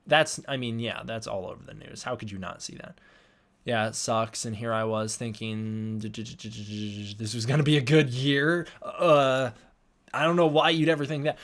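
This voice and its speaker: A man's voice: mid-range voice, a bit bright. A young man hosting a casual livestream, rambling as he reads and answers chat, sounding tired. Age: young adult. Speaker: livestream host.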